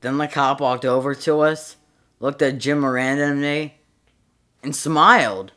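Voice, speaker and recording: Young man telling a story, bright voice. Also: medium pitch, steady tone, measured pace. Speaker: comedy show host. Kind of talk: storytelling monologue.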